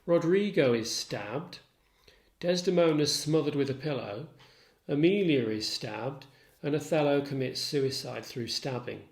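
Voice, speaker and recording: A man's voice: on the high side, a little slow, gravelly, echoey room. A man teaching literature in a recorded lecture, methodically listing facts one by one. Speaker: literature tutor.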